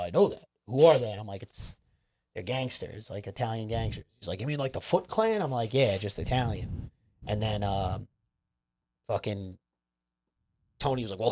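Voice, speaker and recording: A man's voice: lowish voice, darkish tone, slight background noise. Rambling, profane man telling a story. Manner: profane, rambling, lots of fillers. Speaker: comedian guest. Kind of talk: casual storytelling chat.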